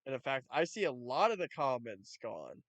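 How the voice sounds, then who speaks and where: A man's voice: mid-range voice, very animated, moderate pace, no echo. A man giving reaction commentary, talking in a profane, mocking and exasperated way. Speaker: YouTube commentator.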